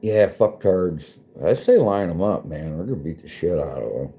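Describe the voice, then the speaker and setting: A man's voice: a bass voice, very animated, a little fast, mellow. A man chatting casually with viewers, swearing and joking, often laughing. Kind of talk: casual chat.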